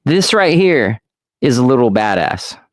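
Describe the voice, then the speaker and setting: A man hosting a casual podcast who tells stories slowly and rambles, swearing freely, recorded close and dry. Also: medium pitch, very animated, no echo. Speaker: podcast host.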